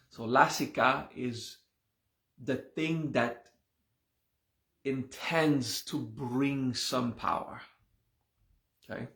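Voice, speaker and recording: Male teacher with a gravelly voice, patient and slow, recorded in an echoey room. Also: mid-range voice, sharp tone. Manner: slow, explains patiently with repeated "okay?". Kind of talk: live class explaining Sanskrit words.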